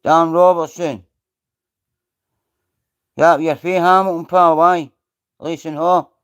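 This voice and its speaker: A man's voice: on the high side, little pitch movement, slow, clear, resonant tone. A man with a Scottish accent hosting a casual live stream, rambling, swearing freely and greeting viewers by name. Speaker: livestream host.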